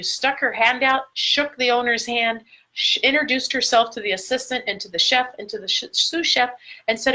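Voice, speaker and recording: Woman, middle-aged, motivational speaker, bright clear tone, stretched emphatic words, recorded into a phone. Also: fairly high pitch, low-quality recording. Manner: emphatic, drawn-out stresses on key words. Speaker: life coach. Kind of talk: motivational talk to camera. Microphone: phone or camera mic, recording a live video.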